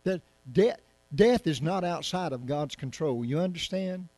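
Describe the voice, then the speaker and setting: A man's voice: a little high, lively intonation, unhurried, a little mellow, no room sound. A male pastor preaching verse by verse, in a conversational style and often putting rhetorical questions to his listeners. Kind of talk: Bible-study sermon.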